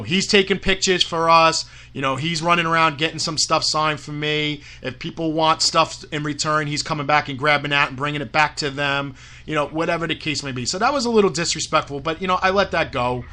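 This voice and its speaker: A fired-up man with a high, bright voice vents about a grudge as a guest on a radio show. His speech is full of cursing and filler, he stumbles over words in his hurry, and he keeps pressing his point. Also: brisk. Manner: angry, profane rant with many "you know" fillers and stammered restarts. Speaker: wrestling promoter.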